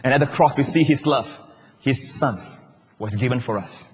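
A male pastor preaching a sermon in a large church hall, emphatic and shouting at the high points, with wide swings in pitch. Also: moderate pace, breathy edge. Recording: long church-hall reverb.

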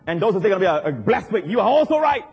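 A man, a pastor preaching a sermon in a church, animated and emphatic, his voice climbing high on key points. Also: rapid-fire, creaky, breathy edge, highs cut off. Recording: long reverb of a large hall.

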